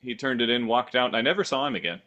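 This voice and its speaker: A man's voice: mid-range voice, rapid-fire, sharp tone. A man co-hosting a podcast, telling silly improvised stories in a playful, rambling way. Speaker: podcast co-host. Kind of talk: casual improv chat.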